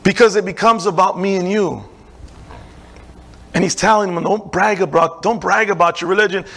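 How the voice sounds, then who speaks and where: A man's voice: high-pitched, steady tone, normal speed, a bit bright. A middle-aged man preaching a sermon as pastor, with an emphatic, repetitive cadence and casual asides.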